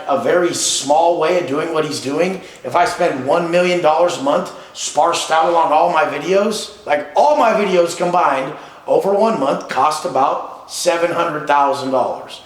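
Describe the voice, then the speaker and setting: A man from San Diego hosting a podcast, talking bluntly and profanely in a boastful, casual way. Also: a little high. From San Diego, California. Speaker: podcast host. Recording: roomy echoing room.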